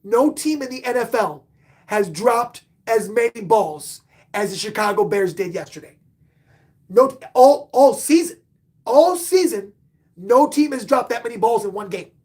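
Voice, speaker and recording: A man hosting a casual live-stream sports talk show, excitable, swinging between loud outbursts and muttered asides. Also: very high voice. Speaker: podcast host and sports fan; bartender.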